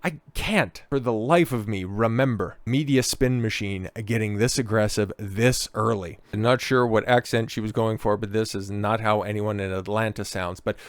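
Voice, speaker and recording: A man's voice: fairly low pitch, moderate pace, few pauses, no echo. A man hosting a political commentary vlog, sarcastic and full of mocking asides.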